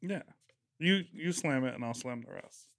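A man's voice: medium pitch, moderate pace, vocal fry, dry recording, clean studio sound. A young man from Chicago, co-hosting a casual chat and telling profane stories full of fillers. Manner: animated, profane storytelling with many fillers. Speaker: podcast co-host.

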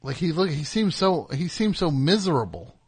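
A man's voice: fairly high pitch, sing-song, normal speed, breathy edge. A man hosting a call-in comedy show, rambling and teasing with stammered restarts. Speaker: radio show host. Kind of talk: casual comedic chat.

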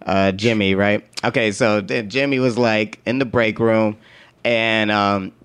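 A man's voice: on the low side, a little slow, clean tone. Guy telling a wild work story, laughing a lot, slangy and cussing, acts out everybody's lines. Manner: animated, laughs often, acts out quotes; profane slang-heavy talk. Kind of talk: casual storytelling.

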